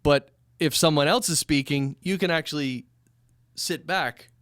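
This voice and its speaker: Running his own recording studio, this man talks casually to camera about mic technique, rambling with fillers and false starts. His voice is fairly high and fairly bright, his pace measured, and the dry recording catches him at a few inches from a studio microphone, occasionally moving in close or backing well away.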